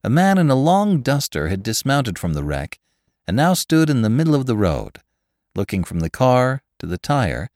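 A man's voice: mid-range voice, a little mellow, no room sound, clean studio sound. A man reading a classic novel aloud as an audiobook narrator, voicing each character expressively.

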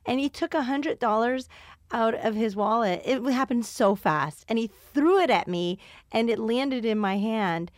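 A woman comedian hosting a podcast, telling stories in a lively casual way with lots of fillers and laughter. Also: fairly high pitch, normal speed, no room sound, clean studio sound. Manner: animated storyteller, laughs often, frequent fillers. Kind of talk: casual chat.

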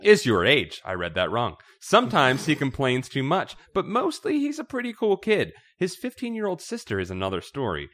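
A man's voice: mid-range voice, normal speed, hardly any pauses. A man co-hosting a comedy podcast, reading a children's adventure book aloud with playful asides. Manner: playful, animated, laughing asides. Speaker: co-host reading a choose-your-own-adventure book aloud.

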